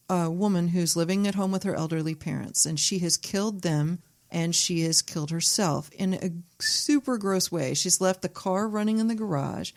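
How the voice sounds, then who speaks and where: A woman filmmaker chatting as a podcast guest, telling stories in an animated way and swearing freely. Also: lowish voice. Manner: animated storyteller, acts out quotes, swears freely. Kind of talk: casual podcast chat.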